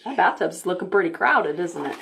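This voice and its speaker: A woman's voice: on the low side, vocal fry. A woman librarian reading a picture book aloud to preschoolers, pointing out the pictures as she goes. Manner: slow, animated, pointing out pictures to children. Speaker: children's librarian.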